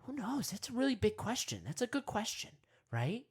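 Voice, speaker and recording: A man's voice: high-pitched, very animated, normal speed, breathy edge. Rambling man guiding a mock meditation. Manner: rambling, full of "you know" and "right?"; drops to hushed whispers at times. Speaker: meditation guide. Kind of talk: parody guided meditation.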